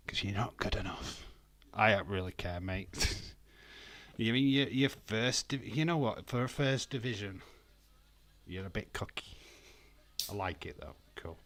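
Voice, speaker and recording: A man's voice: lowish voice, unhurried, fairly bright tone. A man with a Yorkshire accent casually chatting and bantering with his live-stream viewers, rambling and swearing now and then. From Yorkshire, England. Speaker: wrestling watch-along streamer. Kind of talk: casual live-stream chat, reading comments.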